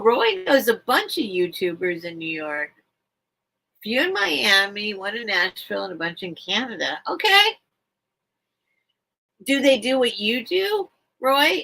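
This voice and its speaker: Slow, animated, gravelly-voiced woman. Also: on the high side, low-quality recording. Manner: rambling and chatty, reading chat aloud. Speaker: host of a live vintage sale stream. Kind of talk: casual late-night livestream chat.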